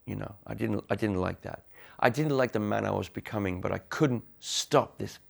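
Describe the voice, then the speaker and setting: A man being interviewed, telling his own story frankly and haltingly, with restarts. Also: lowish voice, vocal fry. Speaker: interviewee, former band member. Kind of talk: candid reflective storytelling.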